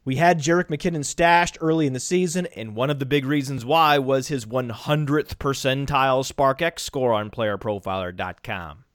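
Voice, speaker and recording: A man hosting a podcast in casual analytical chat, brisk and stats-heavy with jokes thrown in. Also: medium pitch, no room sound, studio quality. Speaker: podcast host.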